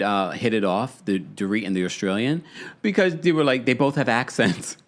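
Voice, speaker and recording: A man's voice: lowish voice, a bit bright. A young man hosting a casual, gossipy reality TV recap, reading out live chat and laughing often. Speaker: podcast host.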